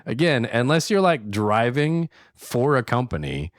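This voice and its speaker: A man's voice: mid-range voice, sing-song, unhurried, no room sound. A man co-hosting a podcast in a studio, chatting casually and teasing with frequent laughs. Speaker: podcast co-host. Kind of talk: casual chat.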